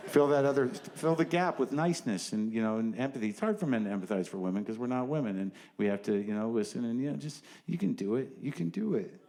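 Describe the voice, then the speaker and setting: A man's voice: medium pitch, animated, quick pace, few pauses, mellow, some chatter behind. A middle-aged man doing a stand-up comedy set, rambling and self-deprecating, full of nervous "you know" asides. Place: comedy stage before a live audience.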